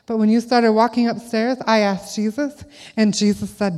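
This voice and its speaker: A woman's voice: a little high, fairly even intonation, normal speed, darkish tone. A woman telling a candid family story in a sermon, acting out her own lines as she preaches to a church. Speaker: speaker at a church service. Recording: long hall reverb.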